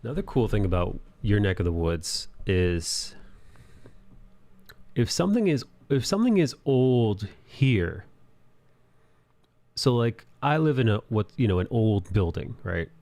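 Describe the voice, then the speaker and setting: Man, low gravelly voice, casual live-stream chat, laughs a lot. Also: big pitch swings, unhurried, pauses often, mellow. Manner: chatty and loose, laughing, reading out viewer support. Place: apartment in an old city building.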